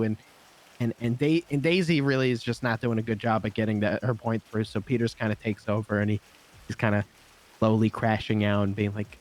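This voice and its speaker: A man playing a prison guard, recounting events in character with lively detail and many fillers. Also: fairly low pitch, fairly quick. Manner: animated storyteller, lots of fillers. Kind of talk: in-character game storytelling.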